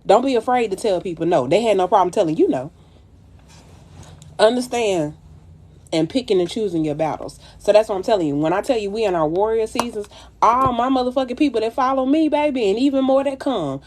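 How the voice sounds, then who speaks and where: A woman's voice: mid-range voice, lively intonation, a little fast, darkish tone. A woman streaming live and giving her followers a blunt, profane, preachy pep talk. She calls her listeners baby and child. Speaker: makeup artist livestreaming.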